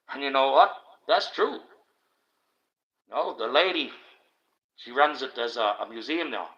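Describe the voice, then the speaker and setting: A bright-toned Australian man rants on his livestream, blunt and profane, his voice pushed forward with a sharp edge. The stream audio is dull and lo-fi, as if heard through a cheap home microphone. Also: medium pitch, normal speed. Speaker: livestream host. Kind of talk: ranting livestream monologue.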